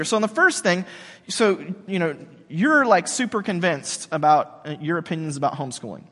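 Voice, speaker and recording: A man preaching a sermon in a relaxed, chatty way, full of slang and fillers. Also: high voice, fairly quick, long reverb tail. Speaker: pastor.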